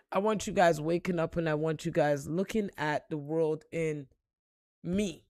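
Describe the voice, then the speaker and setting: A woman giving a blunt, profane motivational monologue, repeating phrases and swinging between loud outbursts and low, reflective tones. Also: dry recording, studio quality. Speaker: spiritual reader and motivational vlogger.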